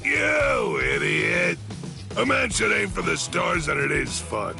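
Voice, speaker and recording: An actor playing a gruff, hard-drinking male warrior in a video game, who scolds and shouts. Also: high voice, sing-song, takes it slowly, soft background music, heavily acted.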